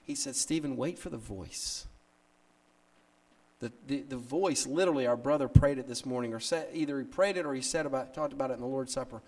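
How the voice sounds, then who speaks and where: A man pastor preaching a sermon in an earnest way, often repeating words and slowing down on key phrases. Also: medium pitch, a little mellow.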